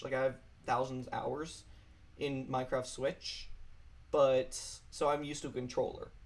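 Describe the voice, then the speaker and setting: A man's voice: mid-range voice, gravelly, darkish tone. A man chatting casually while streaming a game alone at his computer, apologetic and rambling.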